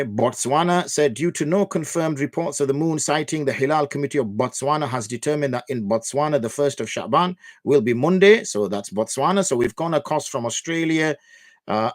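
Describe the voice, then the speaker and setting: A man's voice: medium pitch, no echo, studio quality. A man hosting a religious question-and-answer livestream, talking loosely and thinking aloud with many fillers. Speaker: mufti hosting Q&A. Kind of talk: casual livestream talk.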